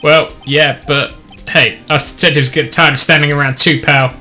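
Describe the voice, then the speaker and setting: Guy doing a folksy game cop, bright punchy voice, calls everyone pal. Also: fairly high pitch, flat delivery, moderate pace, soft background music. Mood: gruff friendly. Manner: folksy, says pal and buddy. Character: scruffy good-natured male police detective who says pal.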